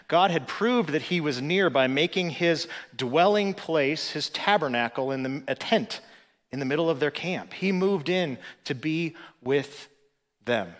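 Animated man preaching in a reverberant hall. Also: on the high side, unhurried. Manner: animated, rising to emphatic peaks and dropping to quiet reflective lines. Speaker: pastor. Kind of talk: sermon. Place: church sanctuary.

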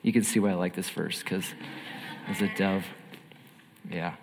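A man preaching a sermon in an earnest, emphatic way, swinging between loud and hushed. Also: low-pitched, fairly even intonation, unhurried, gravelly, long reverb tail, slight background noise.

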